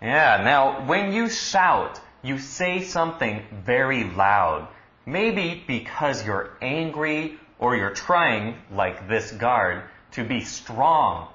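A man teaching English on a radio lesson, explaining words slowly and patiently with lively emphasis. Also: mid-range voice, reverberant, lo-fi sound.

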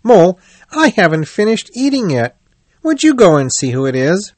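A man voicing an excitable male rat in a storybook reading, crying out eagerly in a raised voice. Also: high-pitched, moderate pace, no room sound, pitched above the performer's own voice. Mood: flustered.

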